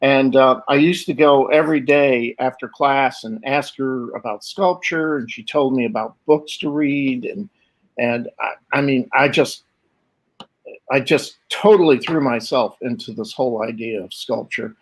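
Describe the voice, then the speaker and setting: An older man in conversation, spinning stories from his own life with animated energy. He slips into quoted voices and laughs as he goes, with pauses and restarts. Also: mid-range voice, poor audio. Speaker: guest artist. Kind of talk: conversational interview storytelling.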